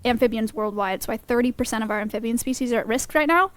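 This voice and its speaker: A woman's voice: fairly high pitch, quick pace, fairly bright tone, no room sound. A woman acting as an animal educator, explaining frog facts in a patient, informative way with dry humor. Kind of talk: casual explanatory chat.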